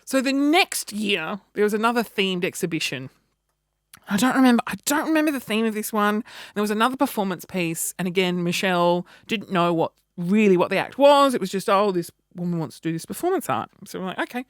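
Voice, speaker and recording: A woman's voice: mid-range voice, fairly quick, no room sound, clean studio sound. Wry woman telling a story. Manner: animated, wry, acts out quoted reactions. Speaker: vlogger. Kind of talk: casual storytelling.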